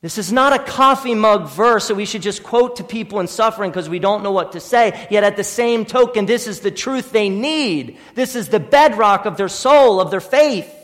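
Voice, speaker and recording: A man with a high-pitched voice preaches a sermon in a church, his words trailing into a long hall reverb. He talks earnestly, sinking to near whispers and then pushing hard, and repeats his questions for weight. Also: expressive, moderate pace, few pauses. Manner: earnest, swings from hushed to forceful, repeats questions. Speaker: pastor.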